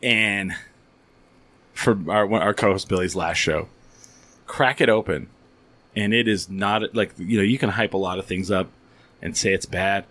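A man's voice: low-pitched, a little slow, pauses often, fairly bright tone. A man hosting a podcast, telling rambling stories in casual chat, full of restarts and freely swearing. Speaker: podcast host.

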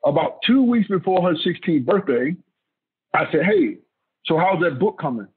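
A man's voice: on the high side, very animated, normal speed, slightly rough. A middle-aged man, a former football player, telling a family story in an interview, emphatic and repeating himself. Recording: tinny phone-like audio.

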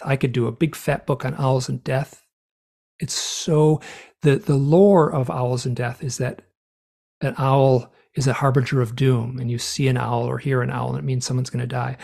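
Gravelly, earnest male storyteller. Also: mid-range voice. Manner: earnest, animated storyteller who acts out quotes. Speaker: author and guest. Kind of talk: storytelling interview talk.

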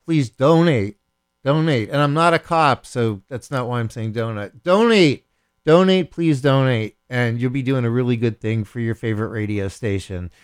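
A man's voice: medium pitch, moderate pace, smooth. A man hosting a radio show, making a playful, rambling on-air appeal for donations with jokes and wordplay. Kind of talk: casual on-air donation pitch. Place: radio studio.

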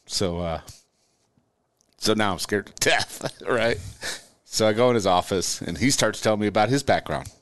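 A middle-aged man, a guest, telling his own story in conversation, halting and repeating words as he goes. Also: on the low side, fairly bright tone, no room sound.

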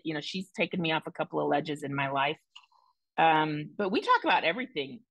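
A woman sports broadcaster chatting casually on a podcast, bubbly and quick. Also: low-pitched, fairly bright tone, no room sound, rough recording.

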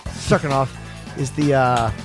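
A man's voice: mid-range voice, fairly even intonation, a little slow, music in the background. A man hosting a podcast in casual chat, loose and stumbling, swearing now and then. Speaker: podcast host.

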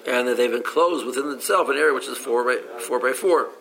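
A man leads a casual Talmud class. His voice has a gravelly edge, and he reads each line before explaining it plainly, often stopping to restart a phrase. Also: mid-range voice, brisk, fairly bright tone, poor audio. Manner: reads Aramaic text then explains in English, with frequent restarts. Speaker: Talmud teacher.

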